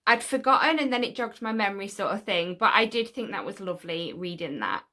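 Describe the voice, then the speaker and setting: A woman hosting a fan vlog, talking casually and chattily with excited little asides. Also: mid-range voice, brisk. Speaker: fan channel host.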